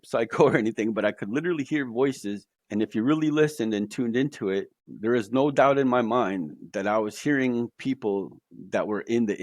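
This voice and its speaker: Guy with a low voice telling his story super earnestly, lots of likes and literallys, dry close mic. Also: darkish tone, dry recording. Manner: emphatic, says "literally" and "like" often. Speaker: podcast guest.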